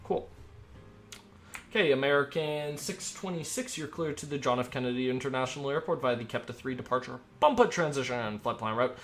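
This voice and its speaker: A man's voice: mid-range voice, a little fast, a bit bright. Chatty man working as a tower controller. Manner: chatty and upbeat, rambling asides between clipped controller calls. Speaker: streamer acting as air traffic controller. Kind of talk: live-stream commentary mixed with radio phraseology.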